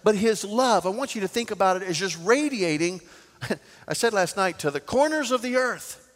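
A man preaching a sermon as pastor, swinging from loud to soft. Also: sits high, expressive, moderate pace, in a large hall.

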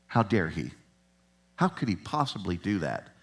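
A man's voice: deep voice, sing-song, moderate pace. A man preaching a sermon in a conversational way, chuckling at times and building to emphatic passages.

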